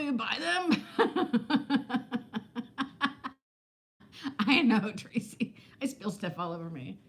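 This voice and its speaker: A woman's voice: fairly high pitch, very animated, extremely slow, pauses often. A woman in her fifties chatting casually on a home live stream, laughing often as she answers viewer comments. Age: 50s. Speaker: vlog host reading live chat. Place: home, indoors.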